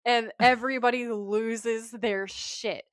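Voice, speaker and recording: A woman co-hosting a podcast, recapping a TV episode in casual chat, lively and quick to laugh. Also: fairly high pitch, no room sound, studio quality. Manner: lively, laughs often, acts out quoted lines. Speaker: podcast co-host.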